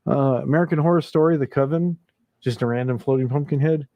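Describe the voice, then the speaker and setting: A man's voice: medium pitch, fast, mellow, no room sound. A man hosting a casual late-night livestream, chuckling often and reading viewer comments aloud. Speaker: livestream host.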